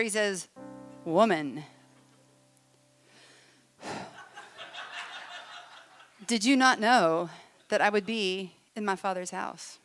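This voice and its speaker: A woman speaker at a conference, spinning a funny story with plenty of swings in her voice. Her pitch sits in a middle range. A faint bit of music lingers in the background. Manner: animated, humorous, acts out voices. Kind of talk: storytelling talk to an audience. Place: hall with a live audience.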